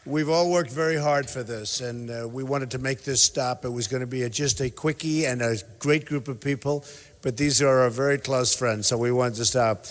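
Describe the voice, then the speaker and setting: An older political candidate gives an emphatic campaign rally speech in a hotel convention hall, rambling and repeating himself. His mid-range voice keeps a steady tone at normal speed, and the echoey hall adds a long reverb.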